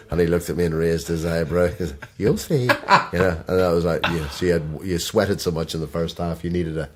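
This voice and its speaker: A middle-aged man, an actor, chatting as a podcast guest with an animated, self-deprecating humor and frequent laughter. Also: deep voice, a little fast, few pauses, heavy background noise. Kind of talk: casual conversational interview.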